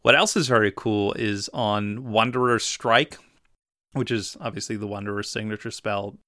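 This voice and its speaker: Bright, crisp male podcast host. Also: on the low side, fairly even intonation, moderate pace, no room sound, studio quality. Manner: enthusiastic, descriptive, with fillers. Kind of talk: casual chat.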